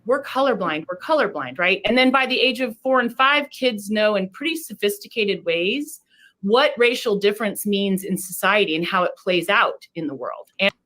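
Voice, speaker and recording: Woman explaining stuff earnestly, bright clear voice. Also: mid-range voice, normal speed. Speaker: speaker in a played clip. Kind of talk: lecture-style commentary.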